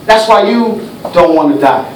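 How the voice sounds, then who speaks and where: High voiced preacher guy telling a story from the pulpit, big echo, kinda far from the mic. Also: lively intonation, normal speed. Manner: dramatic storytelling preaching, swinging between hushed and shouted. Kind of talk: sermon. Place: church. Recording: echoey church hall from far off, faint hiss.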